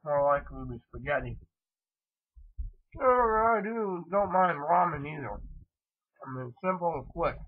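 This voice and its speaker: A man's voice: a little high, expressive, measured pace, long pauses, husky. A man giving a casual, rambling vlog update, full of fillers and restarts. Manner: meandering, many fillers and restarts. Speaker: vlogger. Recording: tinny phone-like audio.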